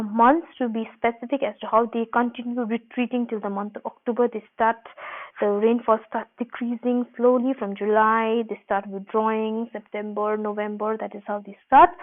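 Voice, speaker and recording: Woman teacher explaining over tinny audio. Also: a little high. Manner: explanatory, repeats points, frequent "uh" and "um". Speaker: geography teacher. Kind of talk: recorded online class lecture.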